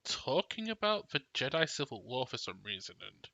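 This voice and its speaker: A man narrating his character's actions in a tabletop role-play, in a measured, descriptive way. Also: mid-range voice, big pitch swings, pushed and bright, no room sound. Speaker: player.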